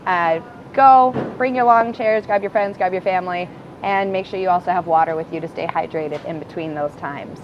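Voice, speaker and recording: A woman's voice: fairly low pitch, normal speed. A woman hosting a casual community talk show, chatty and upbeat. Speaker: host. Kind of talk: casual chat. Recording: dull lo-fi audio with clear background noise.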